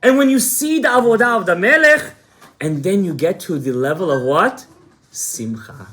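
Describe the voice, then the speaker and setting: A man's voice: high-pitched, animated, moderate pace, a bit bright. A man rabbi telling a story to a class, asking the room questions and answering them himself. He drops Hebrew terms into the telling and acts out the dialogue as he goes. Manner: retells scenes with quoted dialogue, sprinkled with Hebrew terms.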